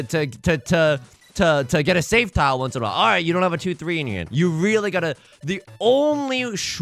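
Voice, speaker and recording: A man's voice: a little high, vocal fry, a bit bright. A man hosting a let's play, giving casual, rambling, self-deprecating commentary while he plays.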